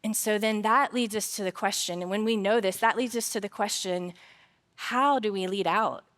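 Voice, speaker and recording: A woman's voice: medium pitch, moderate pace. A woman speaking at a conference, giving a faith-based talk on work, telling personal stories with humor before turning earnest and reflective. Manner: storytelling, lively personal anecdotes told with humor; earnest and reflective when drawing the lesson. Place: conference stage.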